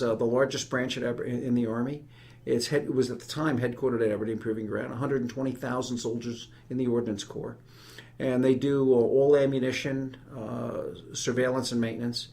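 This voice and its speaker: A brisk, quick-spoken man in his fifties with a New York accent, talking as a guest on a podcast. He tells stories in an animated, emphatic way, with a voice of middling pitch. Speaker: guest, retired army general. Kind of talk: conversational podcast interview.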